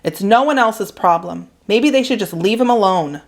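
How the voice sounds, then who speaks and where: A woman's voice: medium pitch, lively intonation, normal speed, close to an everyday voice. A woman doing a hard, angry young boy. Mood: harsh. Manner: hard and sharp. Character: angry hurting boy narrator.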